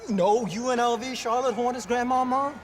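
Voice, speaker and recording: Swaggering young braggart. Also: male voice, very high-pitched, steady tone, normal speed, soft background music. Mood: bragging. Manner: slangy, swaggering, says "man" a lot. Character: brash boastful young man bragging to a buddy. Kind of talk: comedy film scene.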